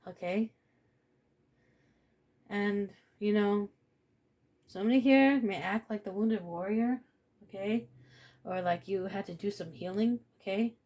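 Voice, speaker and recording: A woman's voice: mid-range voice, a little slow, pauses often, a little mellow. Blunt, swearing woman tarot reader. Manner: blunt, swears freely, repeats phrases, laughs often. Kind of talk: casual spiritual reading to camera.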